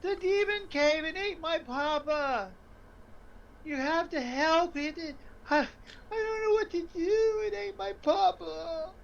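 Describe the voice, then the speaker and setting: A game master voicing a frantic little girl who cries and pleads for help, high above their own voice, on a slightly muffled line. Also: huge pitch swings, moderate pace, few pauses, bright, forceful tone, full character voice. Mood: sobbing, frantic. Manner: sobbing, pleading.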